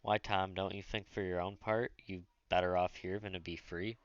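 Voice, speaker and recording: A wealthy, melancholy master speaks in a dry, wry way, voiced by a male audiobook narrator. The voice is low and the recording sounds dull and close, with no room echo. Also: flat delivery, moderate pace.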